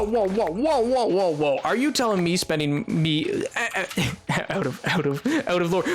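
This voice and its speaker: A man streaming a game, chatting casually into a desk microphone, excitable, laughing often and bursting into exclamations. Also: high-pitched. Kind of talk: casual gaming livestream chat.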